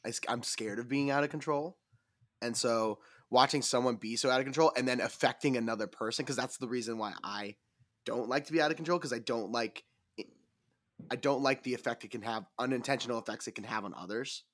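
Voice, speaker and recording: Casting: male podcast co-host, bright tone, loose and candid, laughs easily. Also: medium pitch, a little fast, dry recording, studio quality. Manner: candid, laughs often, thinks aloud. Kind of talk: casual chat.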